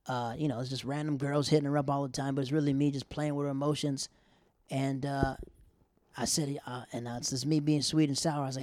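A man's voice: medium pitch, fast, no room sound, studio quality. A man telling a story in casual, rambling talk, acting out what people said. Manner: rambling, animated, acts out quotes.

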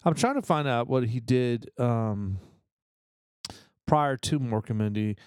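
A man's voice: mid-range voice, slow pace, a little mellow, clear, resonant tone, dry recording, clean studio sound. A man chatting casually with friends, reading facts aloud and laughing often. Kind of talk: casual podcast chat.

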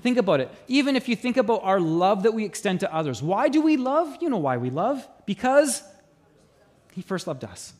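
A middle-aged man preaching a sermon as pastor, telling stories with animated delivery and acting out voices. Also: high voice, brisk. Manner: animated storytelling, mimics voices in anecdotes. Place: church auditorium.

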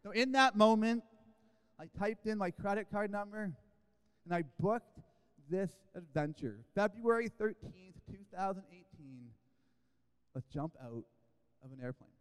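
A man's voice: sits high, lively intonation, measured pace, long pauses, clean tone. A man preaching a sermon, telling a story in a humorous, self-deprecating, conversational way. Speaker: guest preacher. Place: church sanctuary. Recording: echoey church hall.

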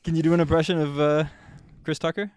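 A man's voice: a little high, quick pace, slight background noise. A young man hosting a casual podcast chat, joking and laughing often. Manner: lively, laughs often, jokey. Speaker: podcast host.

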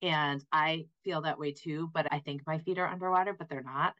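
Brief: low-voiced woman guest, bubbly and quick to laugh, muffled lo-fi recording. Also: fairly even intonation, sharp tone. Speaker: podcast guest, parent. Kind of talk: casual chat. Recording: slightly muffled lo-fi audio.

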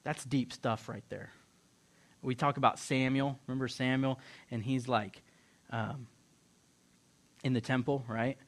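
A middle-aged man preaching a lively sermon, retelling a Bible story and acting out the characters in quick voices while joking with his listeners. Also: medium pitch. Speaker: pastor or Bible teacher.

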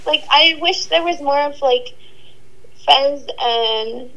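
A woman calling in as a podcast guest, speaking haltingly with many restarts and likes over a phone line. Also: high-pitched, a bit bright. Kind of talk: casual chat. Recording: phone call with faint noise.

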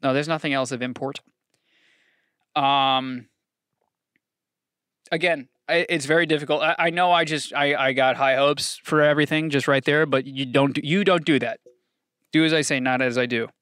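A man hosting a casual solo sports podcast, excitable and profane, swinging from shouted hype to low muttering. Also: moderate pace, long pauses, clear, resonant tone, no echo, clean studio sound. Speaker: podcast host.

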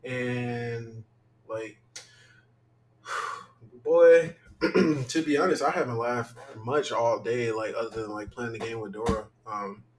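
A man's voice: mid-range voice, steady tone, slow pace, slight background noise, rough recording. Rambling young man on a podcast. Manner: rambling, filler-heavy, candid. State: tired. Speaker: podcast co-host. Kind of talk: casual podcast chat.

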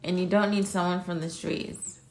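A woman's voice: fairly low pitch, level tone, moderate pace, faint music behind. A young woman vlogging at home, talking in a blunt, ranting way and swearing freely. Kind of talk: casual chat.

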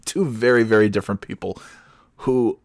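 A man's voice: lowish voice, moderate pace, a little mellow, no echo, studio quality. A middle-aged man hosting a podcast, ranting alone in a sarcastic, profane way. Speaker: podcast host. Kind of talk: solo comedic rant.

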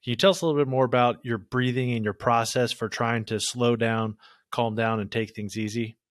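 A man hosts a podcast and asks his guest questions in a measured, encouraging manner. His pitch sits in an ordinary middle range. The recording is dry and free of room sound. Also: fairly even intonation, no echo. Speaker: podcast host. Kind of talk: interview questions.

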